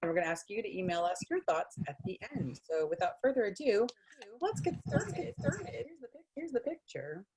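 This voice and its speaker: A woman hosting a casual chat, telling a story with lively, acted-out quotes and many "like"s, over a video call. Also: mid-range voice, normal speed, very noisy. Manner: animated, acts out quotes with lots of "like". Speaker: host.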